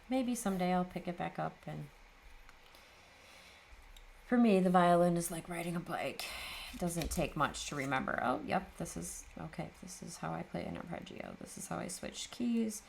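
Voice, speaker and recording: A woman's voice: fairly low pitch, creaky, a little mellow, slight background noise. A woman hosting a papercraft video, chatting casually and tiredly as she works, often laughing at herself. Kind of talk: casual chat while crafting.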